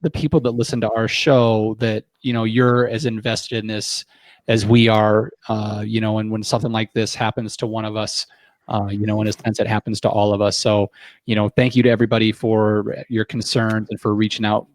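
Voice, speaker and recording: A man hosting a casual podcast, talking in a relaxed, halting way with many small pauses. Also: on the low side, dry recording. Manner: relaxed, hesitant with fillers. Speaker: host.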